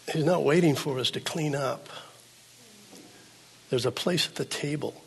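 An older man preaching a sermon as pastor, swinging from hushed, low passages to loud, pleading ones. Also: a little slow, vocal fry, pauses often, breathy edge. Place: church sanctuary. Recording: long hall reverb.

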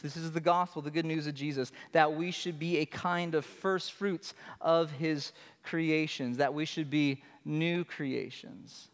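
A man's voice: a little high, fairly even intonation, measured pace. Man preaching in a reverberant hall. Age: adult with children. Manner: earnest, emphatic preaching with repeated phrases. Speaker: pastor. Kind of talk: sermon.

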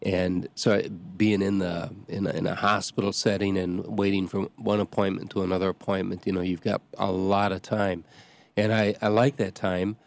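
A middle-aged man, a parish priest hosting a show, talking casually in a halting way with many restarts and fillers. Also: sits low, level tone, vocal fry. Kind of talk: casual talk.

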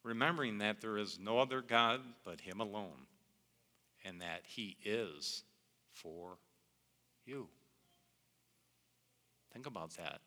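A man's voice: fairly low pitch, slow, long pauses, bright, forceful tone, in a large hall. A middle-aged man preaching a sermon in an earnest, conversational way, often calling his listeners "guys.".

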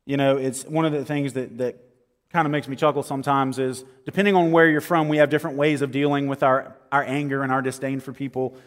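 A man preaching a sermon as a pastor, earnest and building to emphatic peaks, slowing down for stress. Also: medium pitch, flat delivery. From American South. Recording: long hall reverb.

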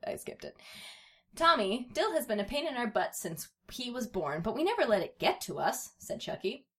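This comedy podcast host reads fan fiction at a moderate pace, her fairly bright voice swooping wildly in pitch. She often laughs and puts on high voices for the baby characters.

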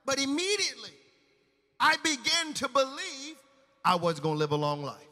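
A man preaching in a church sanctuary, his high, bright voice ringing with a long hall reverb. He tells his story with emotion, rising loud and then dropping to a hush. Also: big pitch swings, normal speed. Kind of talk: sermon testimony.

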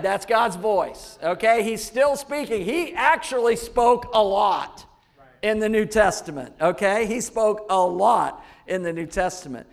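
A man preaching a sermon, emphatic and repeating key phrases to the congregation. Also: sits high. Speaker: pastor.

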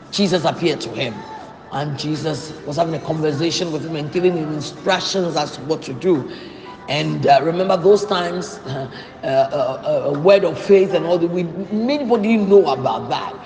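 A man's voice: fairly high pitch, animated, normal speed, over music. A man preaching a sermon in a church hall, emphatic and repeating key phrases for stress. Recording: echoey hall with long reverb.

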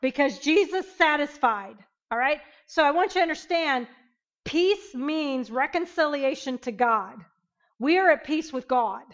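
A woman teaching an interactive Bible lesson, emphatic and animated, questioning her class. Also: high-pitched, measured pace, muffled recording.

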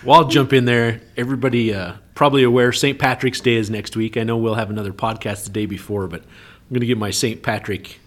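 A man's voice: mid-range voice, steady tone, brisk, fairly bright tone. A man co-hosting a casual podcast, telling jokes in a chatty, playful way. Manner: chatty, playful joke teller. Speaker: podcast co-host.

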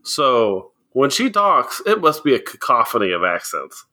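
A man's voice: medium pitch, big pitch swings, a little slow, sharp tone. A man co-hosting a casual podcast chat, explaining things and often laughing as he goes. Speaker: podcast co-host.

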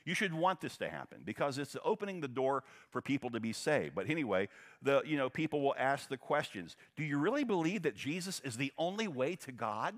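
A man preaching from the pulpit in a mid-pitched voice. His delivery is animated, with the pitch climbing high on questions and sinking low to drive a point home. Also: brisk. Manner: animated preaching, pitch rising and dropping sharply for emphasis. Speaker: pastor. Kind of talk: sermon.

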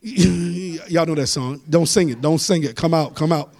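Man, pastor, high voice, preaching a sermon that swells into shouts. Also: measured pace, few pauses. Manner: preaching, rising to shouts and sung phrases, calls for amens. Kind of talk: sermon and Bible study.

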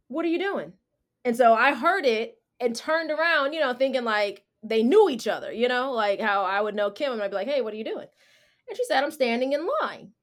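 A woman hosting a casual chat, telling a story with slang and acting out what people said. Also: a little high. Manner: animated, slangy, acts out quotes. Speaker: podcast host.

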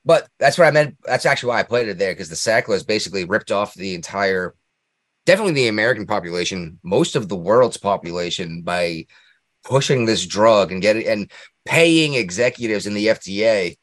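A man's voice: on the low side, animated, brisk, no room sound, studio quality. A man hosting a podcast in casual chat, rambling, laughing often and ranting with strong opinions. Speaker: podcast host.

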